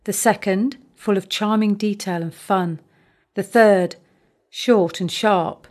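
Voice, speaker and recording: A woman's voice: medium pitch, fairly even intonation, takes it slowly, a little mellow. British woman reading her own story. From Britain. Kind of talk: first-person story reading.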